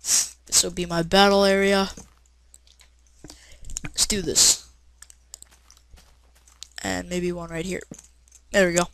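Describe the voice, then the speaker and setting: Woman gamer, casual let's-play commentary, rambling, jumps to loud shouts, slightly low voice. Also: slow pace, pauses often, slight background noise, poor audio. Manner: rambling and excitable, with many "uh" fillers and bursts of shouting. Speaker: gameplay commentator.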